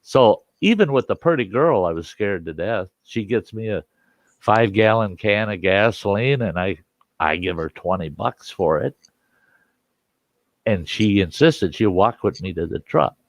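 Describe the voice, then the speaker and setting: Male host, funny campfire tale, low gravelly voice, laughs a lot. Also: a little slow, dry recording, muffled recording. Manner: laughing often, animated storytelling. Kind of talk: campfire storytelling.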